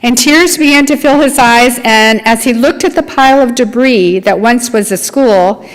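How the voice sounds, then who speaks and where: A woman's voice: a little high, normal speed. Earnest woman preaching in a reverberant hall. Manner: earnest, dramatic storytelling with acted dialogue. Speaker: lay speaker at a congregation. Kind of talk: storytelling sermon.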